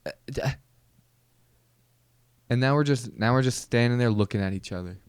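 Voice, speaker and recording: A man hosting a comedy podcast, talking in a rambling, deadpan way with many restarts. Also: medium pitch, normal speed, clean tone, no room sound. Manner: rambling, self-interrupting, deadpan. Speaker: podcast host. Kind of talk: comedic monologue.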